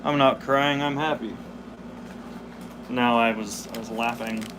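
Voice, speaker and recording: A man's voice: mid-range voice, fairly even intonation, unhurried, noisy background. A man in his twenties hosting a casual live stream, chatting, laughing and reading the chat aloud while chewing candy. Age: 20s. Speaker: host.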